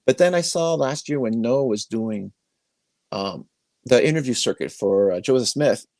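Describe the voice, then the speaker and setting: A man's voice: medium pitch, animated, normal speed, a little mellow, no echo. A man hosting an interview podcast from his bedroom, talking emphatically in a rambling storytelling way, recorded on a phone. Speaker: podcast host. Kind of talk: casual interview chat. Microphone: iPhone.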